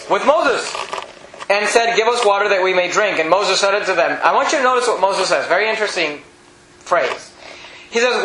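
A man preaching a sermon, animated and rising to near shouts on key points, reading scripture in a lower, slower voice. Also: a little hiss or hum. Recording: echoey room with faint ambience.

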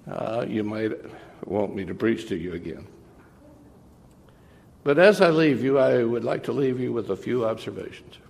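A man giving an earnest, measured farewell sermon as an interim pastor, with pauses between phrases, recorded in a church sanctuary. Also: medium pitch, creaky, a little mellow. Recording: long reverb of a church sanctuary.

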